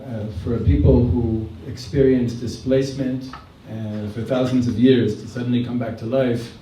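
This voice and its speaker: A man with a deep, dark voice speaks thoughtfully, pausing often with fillers. He is far from the microphone in a strongly echoing hall, with faint background noise. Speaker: activist speaker at a gathering. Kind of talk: public talk. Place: indoor event hall.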